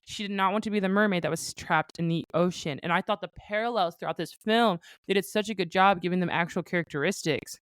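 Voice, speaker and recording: A woman's voice: fairly low pitch, quick pace, hardly any pauses, fairly bright tone, dry recording, studio quality. A woman host in casual chat, telling stories and giving firm opinions in a chatty way.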